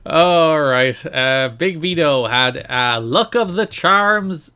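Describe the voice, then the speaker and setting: A man co-hosting a podcast in casual chat, animated and quick to laugh, his pitch jumping when he is exasperated. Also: clear, resonant tone. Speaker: podcast co-host.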